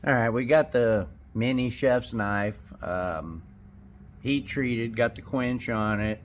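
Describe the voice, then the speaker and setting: A man's voice: mid-range voice, slow, noisy background. A man making a small knife in his workshop, chatting casually and thinking aloud as he works. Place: forge workshop.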